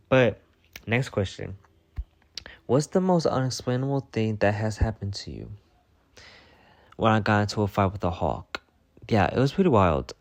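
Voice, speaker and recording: A man answering fan questions in a casual storytime vlog, profane and animated, jumping into loud acted-out voices. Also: lowish voice.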